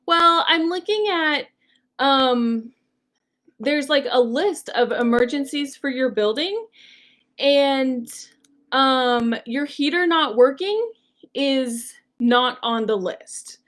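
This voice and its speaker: A woman quoting a man at a call center who keeps flatly going by the rules. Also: very high-pitched, slow pace, exaggerated voice. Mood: dismissive. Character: unbending male call-center worker.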